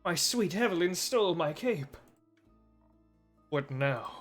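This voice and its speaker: Man doing a pompous ancient vampire, grandiose, melodramatic, slightly high voice. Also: lively intonation, takes it slowly, faint music behind. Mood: wounded. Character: pompous, dramatic, lovesick male vampire, centuries old.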